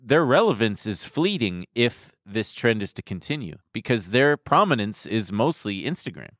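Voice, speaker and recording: A man's voice: on the low side, big pitch swings, normal speed, fairly bright tone, dry recording, studio quality. A man co-hosting a podcast in casual, joking chat, often trailing off with fillers. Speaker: podcast co-host.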